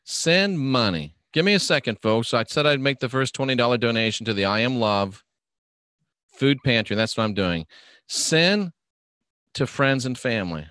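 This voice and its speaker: A man's voice: mid-range voice, animated, normal speed, a bit bright, no room sound, clean studio sound. A middle-aged man hosting a casual live stream, reading viewer questions and rambling in an offhand, joking way. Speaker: livestream host reading viewer comments.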